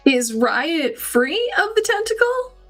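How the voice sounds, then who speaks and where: A woman's voice: very high-pitched, big pitch swings, slow pace, a bit bright, faint music behind. A woman player in a tabletop game, talking casually and a bit unsure.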